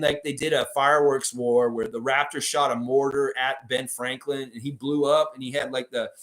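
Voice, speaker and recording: A man's voice: mid-range voice, fairly bright tone. Rambling man hosting a hoops preview. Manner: rambling, profane, filler-heavy. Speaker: basketball show host. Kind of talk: casual sports preview commentary.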